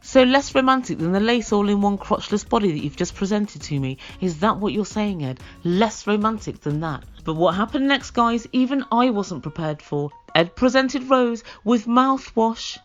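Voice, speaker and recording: A woman's voice: medium pitch, expressive, moderate pace, few pauses. A woman hosting a comedic reality TV review, sarcastic and given to acting out the quotes. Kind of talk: comedic recap commentary. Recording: dull lo-fi recording with faint music.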